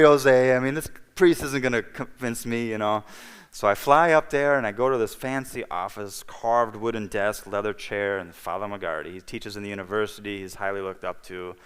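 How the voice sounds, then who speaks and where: A man with a low voice gives a personal testimony at a church event. He tells it like a storyteller, acting out the other voices and checking in with the congregation. His words ring out with the long reverb of a church hall on a livestream. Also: a bit bright, smooth. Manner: storytelling, acting out dialogue, frequent "okay?" and "you know". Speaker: guest speaker.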